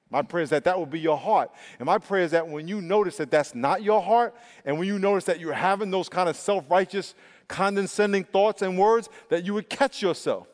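A male pastor preaching a sermon with emphatic, drawn-out stresses and repeated words. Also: high voice. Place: church sanctuary. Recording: long reverb of a large hall.

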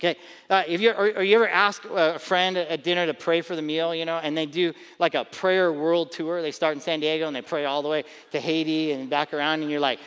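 A pastor preaching to his congregation with a bright, high-set male voice. He talks in a loose, conversational way, pushing key points hard and doubling words as he goes. His voice rings out with the long reverb of a big hall. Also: steady tone, brisk, clean tone. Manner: conversational, emphatic preaching with repetitions. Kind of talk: sermon.

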